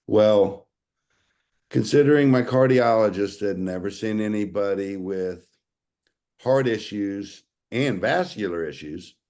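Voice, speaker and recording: Speaking unhurriedly in a fairly low, slightly mellow voice, a man in his sixties gives a heartfelt personal health testimonial, addressing his listeners as "y'all."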